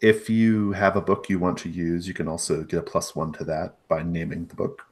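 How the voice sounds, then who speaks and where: A man narrating a tabletop game as game master, relaxed and hesitant with many fillers. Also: sits low, normal speed.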